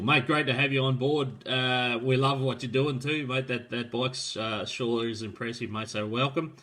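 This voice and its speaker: A man's voice: mid-range voice, a little slow, fairly bright tone. A man hosting a live show, chatting casually, reading out viewer comments and rambling with lots of fillers and "mate". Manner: rambling, filler-heavy, friendly, calls people mate. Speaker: host of a live drag racing show.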